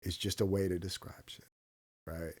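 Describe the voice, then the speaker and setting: A man's voice: sits low, little pitch movement, normal speed, darkish tone. A man in his thirties hosting a reaction video, talking bluntly and casually, swearing often and laughing between remarks. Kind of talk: casual commentary.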